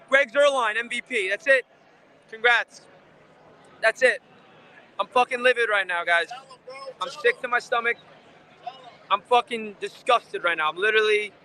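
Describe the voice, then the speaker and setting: A man's voice: high voice, pushed and bright, a little hiss or hum. A man hosting a fan channel, giving an angry, frustrated live post-game rant outside a stadium, swearing often.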